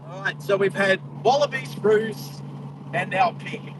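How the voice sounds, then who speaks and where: A man's voice: high-pitched, measured pace. An Australian man hosting a live driving stream, chatting casually and calling out wildlife as he drives through the country. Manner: chatty, exclaims at wildlife, talks to live chat. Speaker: driving livestream host. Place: inside a moving car on a country road. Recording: distant car mic with road noise.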